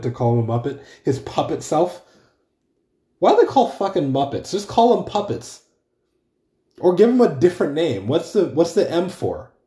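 A young man rambles through a casual solo podcast, swearing freely and circling back to fix his own words. His voice is dark and mellow. The recording carries a roomy, echoey sound. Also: mid-range voice. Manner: rambling, profane, self-correcting. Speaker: podcast host. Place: room at home.

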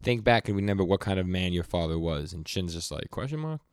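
A young man co-hosts a podcast, casually recapping manga scenes in quick quoted lines and stammering a lot. His voice sits low with a clean tone, and the studio-quality recording has no echo.

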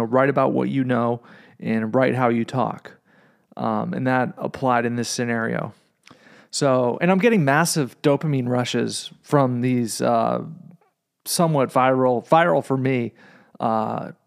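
A man's voice: medium pitch, vocal fry. A young man hosting a podcast, telling a rambling story with lots of swearing and filler words. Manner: rambling, profane, fillers like "you know what I mean". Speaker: podcast host. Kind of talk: casual storytelling monologue.

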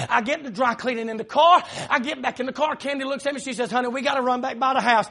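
A middle-aged man with a Southern accent preaching a sermon in church, telling a long story with frequent "uh" fillers and loud shouted peaks. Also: very high voice, fast, creaky, few pauses. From South Carolina.

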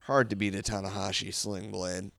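A man's voice: on the low side, little pitch movement, normal speed, gravelly, fairly bright tone, no echo, studio quality. A man chatting casually and easily while watching, in a laid-back way. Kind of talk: casual chat watching wrestling.

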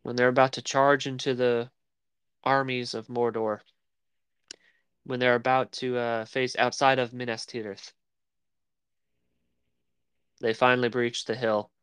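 A podcast co-host with a mid-range, fairly bright and clean voice chats casually about film, recorded with no room sound. He rambles and searches for words as he goes.

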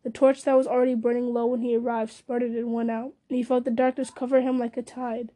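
A woman's voice: fairly high pitch, little pitch movement, fast, dark tone. A woman reading a fantasy novel aloud, telling the story steadily with small slips and restarts. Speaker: reader.

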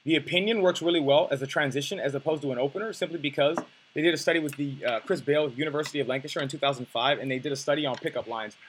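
A man's voice: on the high side, rapid-fire, slight background noise, low-quality recording. A man coaching on dating, teaching in a blunt, profane, emphatic way. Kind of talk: coaching lesson.

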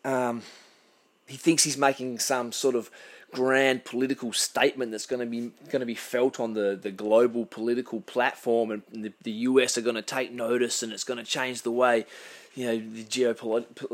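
An Australian man giving blunt, impassioned unscripted commentary, halting often and restarting his sentences. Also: mid-range voice, flat delivery.

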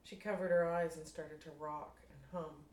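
Woman writer reads own story, low voice, echoey room off-mic. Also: steady tone, moderate pace, darkish tone. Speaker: writer reading her story. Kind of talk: reading her own fiction aloud. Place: room at a writers' group meeting. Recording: roomy room, distant mic, faint noise.

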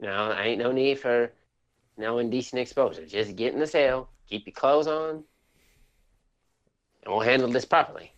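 A man's voice: mid-range voice, normal speed, long pauses, natural voice. A man playing a stern small-town sheriff, lo-fi. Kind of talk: improvised voice role-play.

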